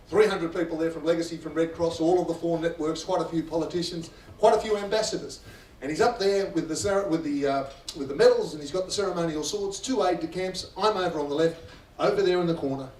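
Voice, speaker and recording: An Australian man tells stories to a room in an animated, theatrical way. His voice sits fairly high and carries through an echoing function room from some distance. Faint room ambience sits behind him. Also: slight background noise. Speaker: guest speaker. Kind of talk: after-dinner storytelling speech. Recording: roomy hall, distant mic, faint ambience.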